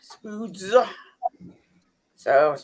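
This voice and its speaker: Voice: medium pitch, animated, extremely slow. Laid-back guest on a live chat.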